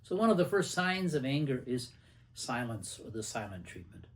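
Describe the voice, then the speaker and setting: A man's voice: mid-range voice, big pitch swings, moderate pace. An older man hosting a casual lesson on anger, talking conversationally and acting out little anecdotes and quotes. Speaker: host and anger management teacher. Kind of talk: casual teaching talk to camera.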